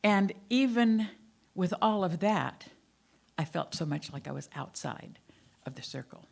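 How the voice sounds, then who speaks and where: A woman's voice: fairly low pitch, animated, measured pace, vocal fry, darkish tone. An older woman minister with a faded Southern accent, giving a candid, self-deprecating sermon about her own life to her congregation. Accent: Southern American, faded. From American South. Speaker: guest minister. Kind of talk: sermon with personal storytelling. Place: church sanctuary.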